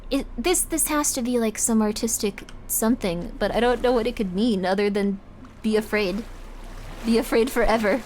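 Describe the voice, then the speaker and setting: A woman streamer talks her viewers through a game in a rambling, chatty manner. Her voice sits a bit high, and she startles easily. A faint hiss runs underneath. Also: brisk, hardly any pauses, a little mellow. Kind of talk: live game streaming chat.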